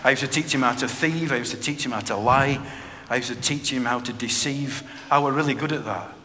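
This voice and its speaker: In a sermon about his own testimony, a middle-aged man talks briskly in a medium-pitched, sharp voice. Plain-spoken and earnest, he repeats phrases often, and the reverberant hall carries faint background noise.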